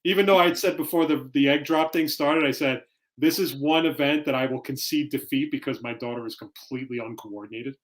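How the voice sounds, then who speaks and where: A man chats on a casual podcast. He tells stories in an animated way and acts out what people said. His voice sits at an ordinary middle pitch. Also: fairly quick. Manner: animated storytelling, acts out quoted lines. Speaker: podcast co-host. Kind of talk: casual chat.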